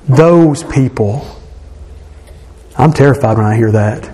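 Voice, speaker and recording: A man's voice: medium pitch, takes it slowly, long pauses, warm tone. A man, a pastor, preaching an earnest and emphatic sermon in a conversational way, often restarting and correcting himself as he goes.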